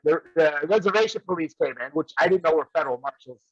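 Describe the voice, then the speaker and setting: A man with a fairly high voice tells rambling stories and breaks into laughter again and again. The sound is dry and a bit dull, like a lo-fi recording. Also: lively intonation, fast talker, dry recording. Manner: laughs often while telling stories. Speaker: guest wrestler. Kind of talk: casual storytelling.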